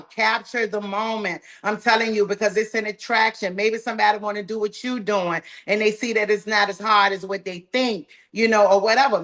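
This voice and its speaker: Folksy Southern woman with a drawl. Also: mid-range voice. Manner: folksy, talks straight to the group, says "y'all" often; energetic and encouraging. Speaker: sales trainer. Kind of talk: live training call.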